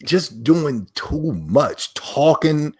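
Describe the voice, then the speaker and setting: A man hosting his own podcast, talking alone in an animated, mocking, opinionated way. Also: a little high, drawn-out words, breathy edge. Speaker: podcast host. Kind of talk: casual solo rant.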